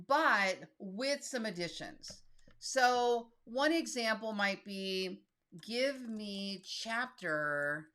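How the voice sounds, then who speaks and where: A woman's voice: medium pitch, pushed and bright. A woman in her fifties talking casually and directly through a tutorial, reading text aloud as she types. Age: 50s. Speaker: solo creator and YouTube host. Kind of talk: casual screen-share tutorial.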